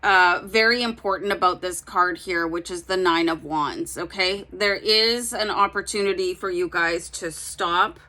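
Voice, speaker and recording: Bright-voiced chatty woman reading tarot. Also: on the low side, a little slow, hardly any pauses. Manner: chatty, speaks directly to viewers with frequent fillers. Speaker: tarot reader. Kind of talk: casual tarot reading to viewers.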